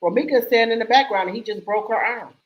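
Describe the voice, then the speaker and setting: A woman's voice: fairly high pitch, racing, muffled recording. A woman co-hosting a casual gossip livestream, blunt and outspoken, swearing freely. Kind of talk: casual chat.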